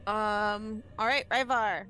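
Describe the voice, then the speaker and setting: A woman running a tabletop game as game master, relaxed and hesitant with frequent ums. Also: mid-range voice, takes it slowly, faint music behind. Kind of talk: narrating a tabletop game on a live stream.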